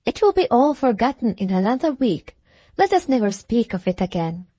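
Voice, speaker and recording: A woman reading an audiobook, voicing a young gentleman who gently soothes and remonstrates. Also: on the high side, very animated, normal speed, no room sound. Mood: soothing.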